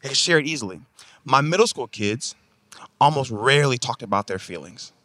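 A man preaching a sermon, telling a comic story in an animated, conversational way. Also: mid-range voice, brisk, no echo. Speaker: pastor.

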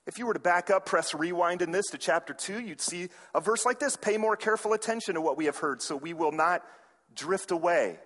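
High-pitched guy preaching, acts out the story bits, big echoey church hall. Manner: animated, acts out quoted characters with raised voice. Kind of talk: sermon with storytelling. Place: large hall or sanctuary.

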